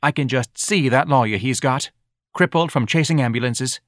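A man's voice: medium pitch, moderate pace, a bit bright, no echo, studio quality, voice pushed up, lightly acted. A man voicing a wealthy middle-aged wife who lectures insistently and needles her husband. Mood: needling.

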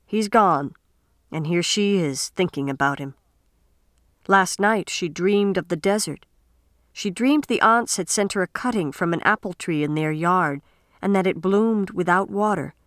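Woman narrator, lowish voice, dry close sound, measured and expressive audiobook reading. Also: dry recording. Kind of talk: scripted narration.

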